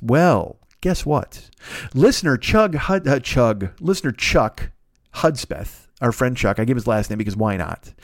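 A man's voice: mid-range voice, no room sound, studio quality. A man in his forties hosting a solo podcast, talking in a meandering, profane, self-mocking way from his home desk. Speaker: podcast host. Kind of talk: rambling solo podcast monologue.

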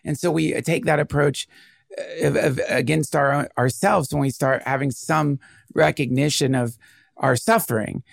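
A man in casual conversation, talking in a rambling, animated way and often breaking off mid-thought. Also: on the high side, normal speed, vocal fry, dry recording, studio quality. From United States. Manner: rambling, animated, self-interrupting.

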